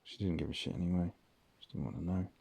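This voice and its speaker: A man's voice: low-pitched, fast, creaky, mellow, breathy edge, no echo. A man telling stories in a rambling late-night audio log, full of ums and casual swearing. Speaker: vlogger.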